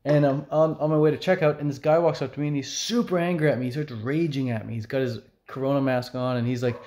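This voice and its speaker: A man's voice: mid-range voice, steady tone, fast talker, few pauses, a little mellow. A man vlogging casually to camera, chatty and upbeat, with frequent fillers. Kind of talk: casual talking-to-camera vlog.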